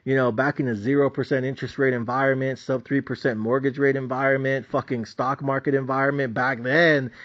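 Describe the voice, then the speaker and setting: A boastful man in his middle years rants off the cuff, swearing nearly every line and scoffing at the people around him. His voice sits at an ordinary pitch for a man. The audio is muffled and lo-fi. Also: level tone, fairly quick, few pauses. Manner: boastful, swears constantly, laughs at others mockingly. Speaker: stock market trader and channel host. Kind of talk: profane unscripted rant. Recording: dull lo-fi audio.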